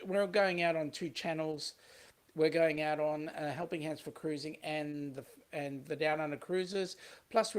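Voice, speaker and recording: A livestream host with an Australian accent, talking casually and greeting viewers by name as they read the chat aloud. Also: medium pitch.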